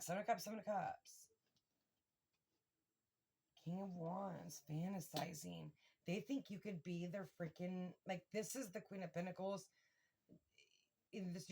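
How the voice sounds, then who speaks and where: Excitable woman giving a casual tarot reading. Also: lowish voice. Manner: excitable, swears freely, addresses viewers directly. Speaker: tarot reader.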